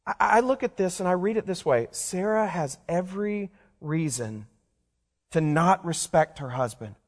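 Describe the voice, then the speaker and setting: A man's voice: high-pitched, expressive, normal speed. A man preaching a sermon in a conversational way, turning to the congregation with questions as he explains scripture. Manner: conversational, asks the listeners questions. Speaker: pastor. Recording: long hall reverb.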